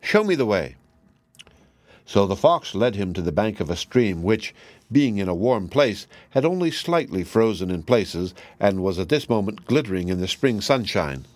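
Low-voiced man reading a fairy tale. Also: expressive, normal speed, a little mellow, no room sound. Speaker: storyteller. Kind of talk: scripted fairy tale narration.

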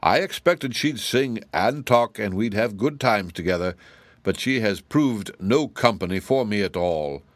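A man's voice: fairly low pitch, animated, unhurried, dry recording. A man voicing a huge, falsely sweet giantess witch who talks in a mocking, self-assured way for a storybook reading. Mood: scornful.

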